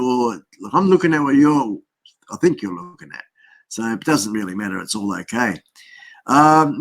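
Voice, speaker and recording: A man's voice: mid-range voice, fairly bright tone. An Australian man hosting a casual live stream, chatting in a rambling way and greeting viewers by name, speaking into a built-in webcam mic.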